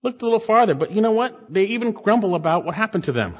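A man's voice: high voice, sing-song, fast. A male pastor preaching a sermon, reading scripture aloud and breaking off to comment and exhort his congregation. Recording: muffled sound in a reverberant hall.

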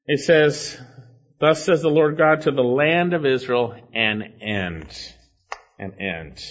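Emphatic pastor with a dull, lo-fi sound. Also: male voice. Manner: emphatic, repeats key phrases, rises in pitch for stress. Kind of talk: expository Bible sermon.

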